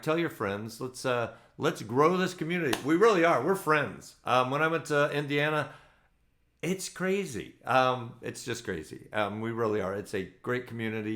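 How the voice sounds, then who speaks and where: A man's voice: mid-range voice, expressive, normal speed, fairly bright tone. A man hosting an online ukulele play-along, signing off casually in a loose, rambling way with many ums. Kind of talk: casual sign-off to online viewers.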